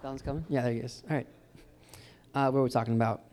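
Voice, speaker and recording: This man talks fast in a medium pitch with fairly even intonation, and the background is noisy. He's giving an informal, encouraging sermon at a church gathering where a guitar plays faintly, repeatedly addressing the crowd as "guys."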